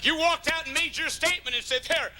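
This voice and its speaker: An older man preaching a fiery sermon in a big auditorium, dropping to quiet asides and rising to shouts. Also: very high-pitched, fairly even intonation, fast, low-quality recording. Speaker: pastor.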